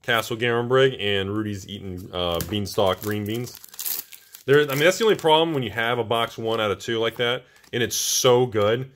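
A male host giving casual, excitable, joking commentary while opening card packs. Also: medium pitch, moderate pace, a little hiss or hum. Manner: excitable, exclaiming, jokey.

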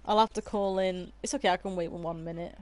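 A woman's voice: on the low side, fairly even intonation, brisk, a little mellow. A woman streaming a game from her room, chatting and giggling with her viewers. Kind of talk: casual livestream chat while playing. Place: her own room at home.

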